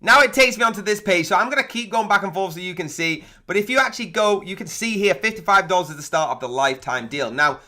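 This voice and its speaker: A man hosting a software review, rattling off feature lists in an excited, salesy pitch while walking through a website. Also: fast, few pauses. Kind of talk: excited product review walkthrough.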